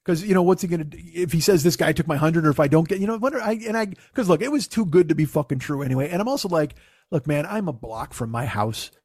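A man spins a casual, profane anecdote, slipping into other people's voices as he quotes them. His voice sits a little high for a man and sounds dry and close to the mic, with no room behind it. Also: quick pace, slightly rough, no echo. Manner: profane, animated, acts out quotes. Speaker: storyteller. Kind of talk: casual storytelling.

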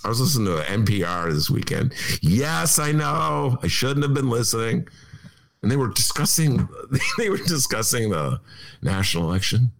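A man's voice: mid-range voice, big pitch swings, moderate pace, gravelly. A man hosting a talk radio show, joking casually and mocking people in put-on voices. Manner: wisecracking, acts out quoted people in mocking voices.

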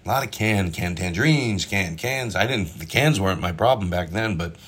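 Cooking and eating at home, a middle-aged comedian rambles through a casual chat for his own show, self-interrupting and mildly swearing. A propped-up phone nearby records his low, slightly rough voice, animated and fairly bright at a moderate pace.

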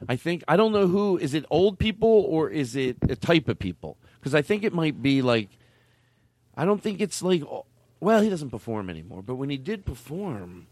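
A man hosts a loose comedy podcast, riffing and laughing as he goes. His pitch swings widely, and the recording is dry and close. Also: sing-song, moderate pace, darkish tone, no echo. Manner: riffing, laughing often, trails off. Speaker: podcast host. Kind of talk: casual comedic chat.

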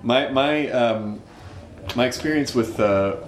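A man's voice: mid-range voice, slow, a little hiss or hum. A man hosting a podcast, chatting loosely, with stammered restarts. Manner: stammering, loose, laughing easily. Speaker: podcast host. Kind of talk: casual chat. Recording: roomy echo.

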